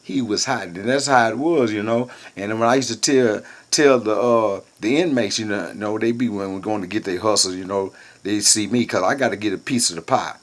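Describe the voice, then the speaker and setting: A man's voice: lowish voice, a little fast. A man from Houston telling a boastful, slang-filled, profane story in a casual way. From Houston, Texas.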